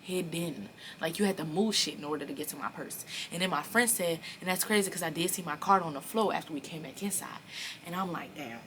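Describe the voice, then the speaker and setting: A woman in her early twenties telling a personal story in a casual, animated and profane way, acting out the dialogue. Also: on the low side, fast talker, slight background noise. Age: early 20s. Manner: animated, blunt and profane, acts out quoted dialogue. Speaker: storyteller vlogger.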